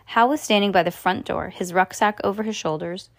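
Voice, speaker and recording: A woman reading a children's novel aloud in the first person, pausing to explain bits to a listener. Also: medium pitch, no echo, clean studio sound. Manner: expressive, stops to explain to a listener. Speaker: storyteller.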